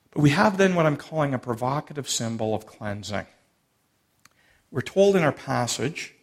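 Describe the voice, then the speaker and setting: A man preaching a sermon, expounding a passage and acting out the quoted lines with shifting emphasis. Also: medium pitch. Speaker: pastor.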